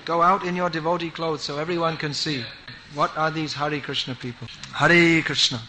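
A man's voice: a little high, fairly even intonation, brisk, background noise. A man giving a sermon, telling stories with emphatic repetition. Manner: emphatic storytelling, repeats for stress. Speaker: preacher.

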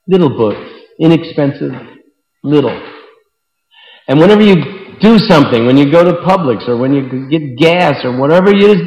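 Animated man telling stories in echoey hall. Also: mid-range voice. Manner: animated storyteller acting out quotes. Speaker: book distributor speaking to devotees. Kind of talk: informal devotional talk with stories. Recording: echoey hall with long reverb.

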